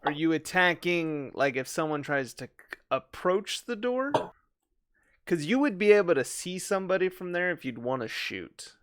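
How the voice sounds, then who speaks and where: A man's voice: a little high, sing-song, moderate pace, fairly bright tone, clear, resonant tone, no echo, clean studio sound. A man narrating as game master for a tabletop game, describing the action and clarifying the rules.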